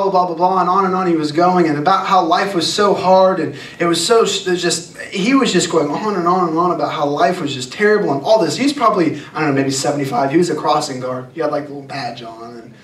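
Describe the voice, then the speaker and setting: A man preaching to a youth group in an earnest, conversational way, hammering points home by repeating them. His voice sits high for a man. The sound carries the echo of a large room, picked up from a distance. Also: a bit bright. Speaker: youth pastor. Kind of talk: sermon to students. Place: church youth hall. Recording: echoey hall, mic at a distance.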